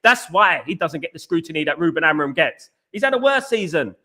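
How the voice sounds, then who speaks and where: A man's voice: fairly high pitch, big pitch swings, fairly quick, pushed and bright. A man hosting a football live stream, ranting heatedly, repeating himself and greeting viewers in the chat. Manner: heated, repetitive, talks back to chat. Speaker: football podcast host. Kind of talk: casual live-stream rant.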